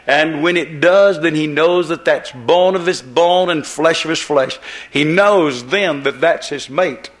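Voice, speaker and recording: A man's voice: fairly high pitch, measured pace. A man preaching a sermon, telling a parable in a rambling, repetitive way. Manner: rambling storytelling with repeated phrases.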